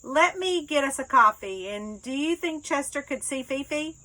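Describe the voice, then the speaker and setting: A woman voicing a relaxed, bearded southern man, a former sheriff, in a relaxed, offhand way in a storybook reading. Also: high voice, moderate pace, pitched above the performer's own voice, rough recording. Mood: easygoing.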